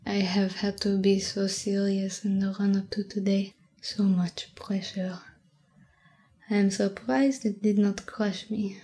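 A woman in a whispered role-play voicing a playful young French woman who teaches a friend French, with a French accent, soft and teasing. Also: mid-range voice, little pitch movement, a little slow, lightly acted. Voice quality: soft, mostly whispered voice, giggly. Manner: gentle, teasing, chatty.

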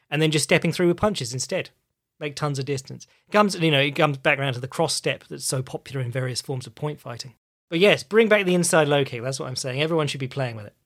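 Posh English man, podcast host, fairly high voice, loose chatty delivery, casual swearing. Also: a bit bright. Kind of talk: casual solo podcast talk.

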